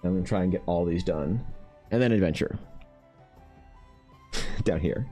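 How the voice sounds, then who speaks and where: A man's voice: a bass voice, dark tone. A man streaming while he draws, chatting casually with viewers, swearing freely and running himself down. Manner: chatty, swears freely, self-deprecating, reacts to chat. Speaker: artist streaming while drawing. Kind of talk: casual livestream chat.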